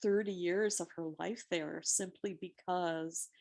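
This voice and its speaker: Slow-spoken woman in her sixties. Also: lowish voice, steady tone, creaky, darkish tone. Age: 60s. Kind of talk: casual panel discussion.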